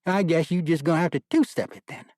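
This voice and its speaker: A man voicing a gruff middle-aged army major with a Southern drawl who hollers orders in rough folksy dialect. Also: fairly high pitch, expressive, a little slow, darkish tone, no room sound, studio quality, voice pushed up. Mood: joshing.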